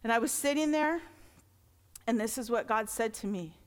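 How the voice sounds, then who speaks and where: A middle-aged woman preaches with a high voice, talking to her congregation in a loose, earnest way that rises into emphatic declarations. The sound carries a long hall reverb. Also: moderate pace. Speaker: pastor. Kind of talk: sermon.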